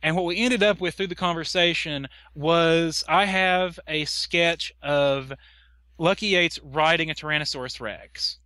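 Chatty rambling man, bright voice. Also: fairly high pitch, smooth, no room sound, studio quality. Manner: rambling, halting, lots of restarts. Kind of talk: casual chat.

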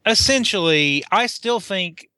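A man's voice: sits high, expressive, measured pace, bright, forceful tone, clean tone, dry recording. A man co-hosting a casual podcast chat, restarting his sentences and building to emphatic rhetorical questions. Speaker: podcast co-host.

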